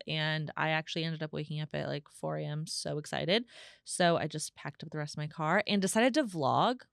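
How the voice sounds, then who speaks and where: Woman, solo podcast host; chatty, animated storyteller, smooth voice, dry close sound. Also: moderate pace, dry recording. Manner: acts out quoted voices in a higher pitch.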